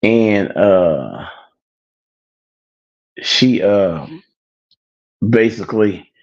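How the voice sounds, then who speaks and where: A man's voice: fairly low pitch, expressive, very slow, muffled recording. A man hosting his own show who casually tells a story, rambling with plenty of filler. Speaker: show host.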